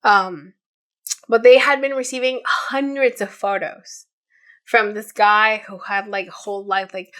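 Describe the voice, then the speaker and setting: A woman's voice: mid-range voice, fairly even intonation, a little slow, a bit bright, smooth. A woman in her late twenties, co-hosting a podcast and retelling a story in casual chat, with many fillers and quoted voices. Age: 20s. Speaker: podcast co-host.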